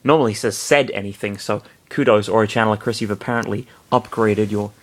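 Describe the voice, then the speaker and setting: A man's voice: on the low side, flat delivery, fast talker. A man reading fan fiction aloud, breaking off into self-deprecating, apologetic asides. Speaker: reader, narrator.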